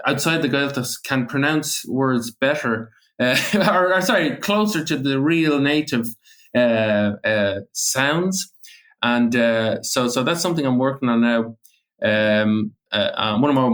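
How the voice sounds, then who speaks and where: A man's voice: mid-range voice, a bit bright. A man from the Aran Islands with an Irish accent, a native Irish speaker, talking casually as an interview guest in a rambling, anecdotal way with many fillers and restarts. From Aran Islands, Ireland.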